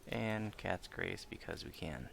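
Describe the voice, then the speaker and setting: Casual let's play man: low, gravelly, animated, steady noise under him. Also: a little slow. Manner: casual, chatty, self-narrating. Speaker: gaming video creator.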